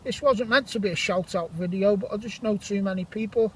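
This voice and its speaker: A man in his forties, chatting casually and jokily while metal detecting outdoors, giving shout-outs to friends. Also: sits high, a little fast, a little hiss or hum, poor audio. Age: 40s. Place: outdoor field.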